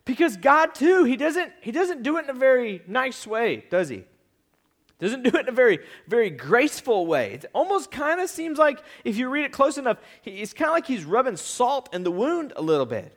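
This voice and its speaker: Male pastor, high voice, chatty sermon, repeats lines and swells into big emphatic bursts. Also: normal speed. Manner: animated, builds to loud emphatic peaks. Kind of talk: casual conversational sermon.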